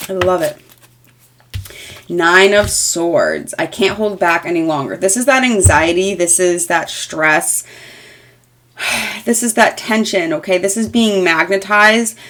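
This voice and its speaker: A woman's voice: fairly low pitch, expressive, a little slow, fairly bright tone, a little hiss or hum. A woman in her thirties giving a casual tarot reading, rambling and frank, with lots of fillers and mild swearing. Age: 30s. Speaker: tarot reader.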